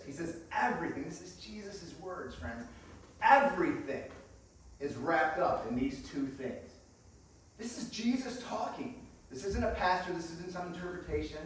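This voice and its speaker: A man preaches with lively, enthusiastic warmth, laughing and addressing the congregation as friends. His voice sits a bit high. The sound comes from a distance with heavy church-hall echo and a faint hiss behind it. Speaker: guest preacher. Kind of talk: sermon. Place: church sanctuary. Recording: echoey room picked up from a distance.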